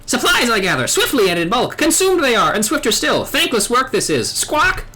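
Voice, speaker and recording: A woman's voice: a little high, big pitch swings, normal speed. A woman voicing surly male bird-man tribesmen who squawk, threaten, and speak in backwards word order. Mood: hostile squawking.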